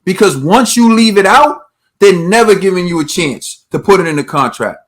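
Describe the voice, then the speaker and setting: High-pitched man, boxing podcast host, heated rant, rhetorical questions. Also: animated, moderate pace. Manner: emphatic, repetitive rhetorical questions.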